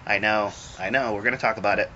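A man's voice: on the low side, steady tone, quick pace, sharp tone. A man hosting a podcast, chatting and joking crudely with his friend on a back patio. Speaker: podcast host. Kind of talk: casual banter. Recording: dull lo-fi recording with faint noise.

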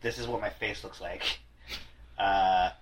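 A man's voice: low voice, fairly even intonation, unhurried, a little hiss or hum, low-quality recording. A man hosting a podcast in casual chat, rambling and self-deprecating, with frequent swearing and restarts. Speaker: podcast host.

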